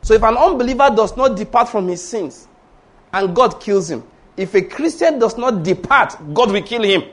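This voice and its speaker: A man's voice: high voice, expressive, moderate pace. A man preaching a sermon, telling a story with emphasis and rhetorical questions.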